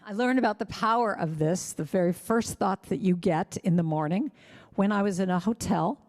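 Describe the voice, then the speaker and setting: A woman delivers a spiritual talk to a congregation, telling stories warmly and breaking into playful voices for the people she quotes. Her voice sits in a middle range. A long reverb trails after her words, as if she is in a large hall. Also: medium pitch, moderate pace. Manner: animated storytelling, acts out quoted voices. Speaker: guest speaker and singer. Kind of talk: spiritual talk over video call. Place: congregation service streamed to viewers on gallery view.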